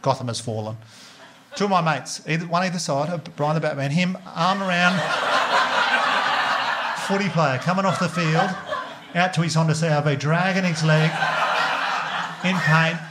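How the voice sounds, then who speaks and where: A man in his thirties with an Australian accent, doing stand-up storytelling, lively and swearing, laughing through punchlines and acting out what people said. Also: a little high, normal speed, pauses often, background noise. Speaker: stand-up comedian.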